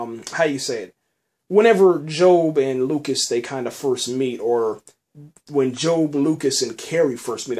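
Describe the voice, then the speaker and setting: Excited man recapping a show. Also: medium pitch. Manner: excited, chuckling, says "man" often. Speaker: podcast host reviewing a TV episode. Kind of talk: casual spoken recap.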